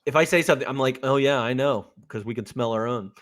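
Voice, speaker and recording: A man's voice: mid-range voice, fast, fairly bright tone. A man co-hosting a podcast, chatting casually and quoting lines with amused gusto. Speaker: podcast co-host. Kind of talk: casual chat.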